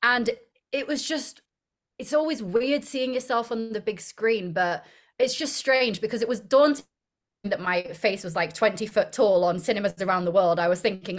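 A woman's voice: medium pitch, moderate pace. A young woman, an actress being interviewed, chatting casually, rambling and giggling often. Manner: giggly, rambling, self-deprecating.

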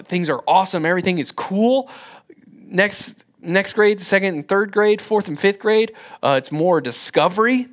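A man's voice: on the high side, a bit bright. A man in his twenties teaching a church class in a loose, rambling way, with many fillers and restarts. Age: 20s. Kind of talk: casual classroom talk.

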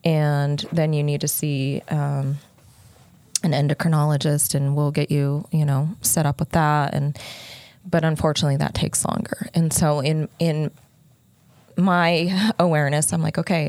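Low, gravelly-voiced woman telling a hard story. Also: flat delivery, darkish tone, dry recording. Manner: halting, with many restarts and fillers; earnest, unguarded, close to tears. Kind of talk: emotional personal storytelling.

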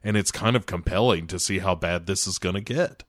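A man with a fairly low voice co-hosts a casual movie podcast. He rambles, restarting his sentences and piling on fillers. The recording is dry and close. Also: brisk, fairly bright tone, no echo. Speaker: podcast co-host. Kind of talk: casual movie review chat.

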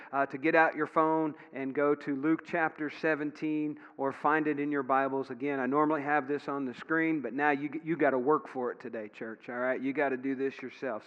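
The audio is dull and carries long hall reverb as a middle-aged pastor preaches in a church sanctuary. His fairly high voice has a clean tone, and he tells folksy stories with plenty of fillers.

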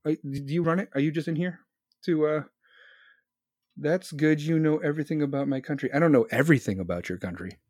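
A man's voice: a little high, brisk, darkish tone, no echo, clean studio sound. A man live streaming, answering his chat in a blunt, profane, rambling rant. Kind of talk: casual political rant.

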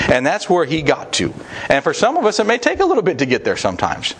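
Man, sermon, earnest plain-spoken preacher, mid-pitched voice. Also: huge pitch swings, quick pace, a little hiss or hum. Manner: earnest, plain-spoken teaching with quoted prayers.

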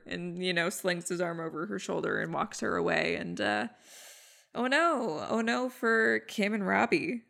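A woman's voice: gravelly, pushed and bright. A woman hosting a podcast, chatting casually through an episode recap and acting out quoted lines. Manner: chatty, acts out lines with pitch jumps. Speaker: podcast host.

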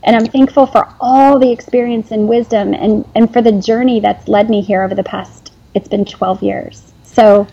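A woman's voice: fairly high pitch, steady tone, moderate pace, few pauses, mellow, husky, highs cut off. A woman in her forties, a former nurse and company founder, talking earnestly in an interview, rambling with restarts and fillers. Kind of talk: emotional interview conversation.

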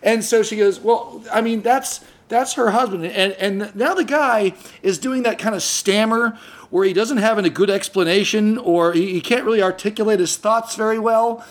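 A man with a fairly high voice tells a story on a casual podcast. He is animated, jumps into the voices of the people in the story, and trips over his words as he goes. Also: moderate pace. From San Diego area. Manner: animated, acts out quoted voices, frequent restarts. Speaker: podcast host.

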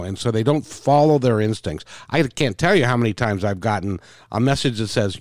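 A man hosting a casual interview, speaking in a halting way with many restarts. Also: on the low side, no room sound, studio quality. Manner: halting, restarts, lively intonation.

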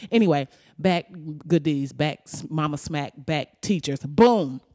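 A woman's voice: low-pitched, a little slow, no echo. Woman ranting funny stories, swears a lot, dry close sound. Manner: loud, rambling, profane storytelling with frequent laughs. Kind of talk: casual comedic monologue.

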